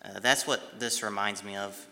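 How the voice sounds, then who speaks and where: A man with a low, level voice that stays flat and does not rise and fall much, but has a bright, forceful edge. He retells scripture and then reflects on it, speaking haltingly with pauses and restarts. His voice rings with a long reverb in a hall. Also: creaky. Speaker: devotional speaker.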